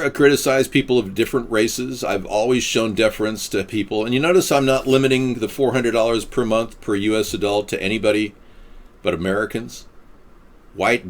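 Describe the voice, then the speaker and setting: A man hosting a casual political chat show, rambling and sarcastic. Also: fairly low pitch. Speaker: host.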